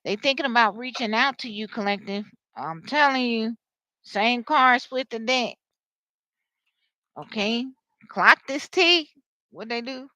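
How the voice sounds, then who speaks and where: A woman giving a live tarot reading, talking to viewers in an animated, slangy way. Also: fairly high pitch, measured pace, dry recording, poor audio. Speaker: tarot reader.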